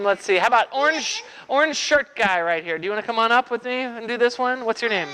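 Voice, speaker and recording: A man's voice: very high voice, quick pace, few pauses, bright, forceful tone, smooth. A man performing as a children's magician, playfully joking with and rousing a live audience of kids. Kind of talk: live kids' magic show patter.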